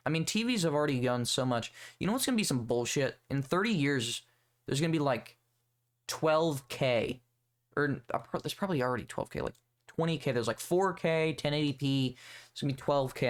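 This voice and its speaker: A young man hosting a solo podcast, rambling and swearing in a sarcastic, casual rant. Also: mid-range voice. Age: young adult. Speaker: podcast host.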